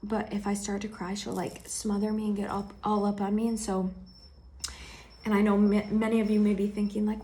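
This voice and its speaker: A woman sharing a heartfelt personal vlog, speaking gently and intimately to the viewer and often dropping into a soft whisper. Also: medium pitch, little pitch movement, normal speed. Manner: affectionate, speaks straight to the viewer.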